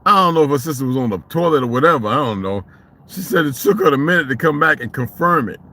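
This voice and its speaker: A man telling a story in a casual vlog monologue, animated and profane, in street slang. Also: a little high, fast talker, gravelly. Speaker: vlogger.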